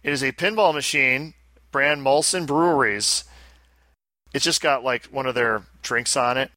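A male podcast host reads listener emails aloud at an unhurried pace, adding dry, wry asides. His bright voice sits at a middle pitch, and the recording is dry.

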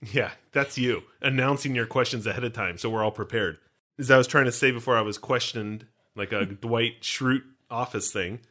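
A man's voice: medium pitch, moderate pace, bright, forceful tone. A man co-hosting a casual podcast, recapping a film with joking, rambling asides. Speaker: podcast co-host.

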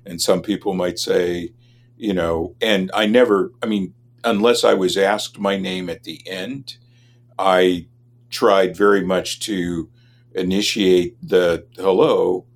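Deep-voiced man explaining like a scholar. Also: fairly even intonation. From Los Angeles, USA. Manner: measured, explanatory, academic. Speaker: linguist, guest expert. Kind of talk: interview answers.

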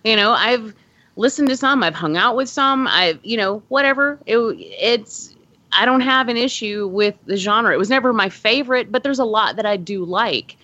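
A woman's voice: fairly high pitch, expressive, moderate pace, pushed and bright, no echo. A woman hosting a podcast in casual chat, rambling with many fillers and frequent swearing. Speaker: podcast host. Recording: dull lo-fi dry audio.

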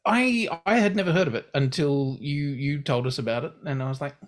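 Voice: mid-range voice, fairly quick. A podcast co-host in casual chat, telling stories with acted-out reactions. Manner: animated storytelling with acted-out reactions.

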